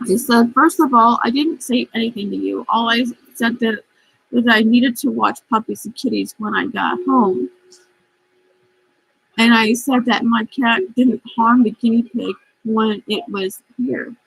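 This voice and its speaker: A woman's voice: fairly high pitch, measured pace, creaky, slight background noise, low-quality recording. A woman vlogging casually, reading out chat messages and venting in a frustrated, profane, rambling way while upset and stressed.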